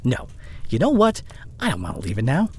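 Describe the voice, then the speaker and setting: A man's voice: mid-range voice, wildly swooping pitch, a little fast, a little mellow, slightly rough, poor audio. A man playing an overworked young boyfriend in an audio roleplay drama, speaking closely and with strong emotion straight to the listener. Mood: frustrated, heated. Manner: emotionally charged, intimate second-person address. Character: overworked young adult boyfriend, short-tempered but loving. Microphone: close studio condenser mic.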